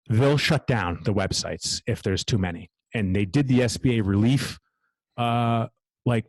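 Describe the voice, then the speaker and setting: A man's voice: fairly low pitch, darkish tone, no echo. A man who owns a gym, talking in a casual podcast interview in a blunt, driven way and swearing freely. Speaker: gym owner, guest.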